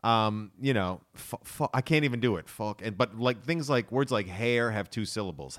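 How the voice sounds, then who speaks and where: A man's voice: fairly low pitch, moderate pace, few pauses. A young man with an American accent, originally from Boston, chatting animatedly on a podcast. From Boston, USA. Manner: animated, jokey storytelling. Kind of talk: casual podcast chat.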